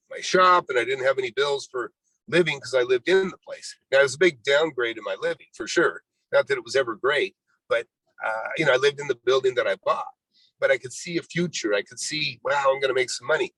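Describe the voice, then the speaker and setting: Recorded with no echo but at low quality, this man has a medium-pitched, somewhat bright voice. He's a sixty-something real estate investor being interviewed, and his life story comes out in a rambling stream full of "you know" and acted-out quotes.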